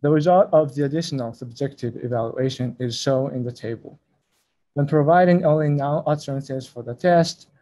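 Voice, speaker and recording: A man's voice: mid-range voice, mellow, low-quality recording. A man giving an academic conference talk, speaking carefully and spelling out acronyms letter by letter. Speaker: conference presenter.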